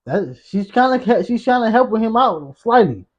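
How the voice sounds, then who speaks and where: A man hosting a reaction video, talking back to the clip in animated, slangy casual commentary. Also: high voice, a little slow, dull audio.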